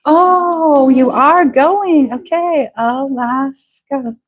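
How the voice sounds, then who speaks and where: A woman teaching a live English class, speaking slowly and patiently and repeating words so students can follow. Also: high voice, poor audio. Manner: slow, patient, drawn-out repetition of words.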